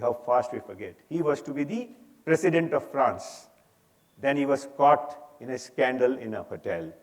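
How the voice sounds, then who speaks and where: A man's voice: fairly high pitch, darkish tone. An older man with an Indian English accent giving an emphatic, preachy talk on values at a conference. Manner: preachy, emphatic, rising and falling in force. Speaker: speaker. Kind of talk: inspirational talk on stage. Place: conference hall.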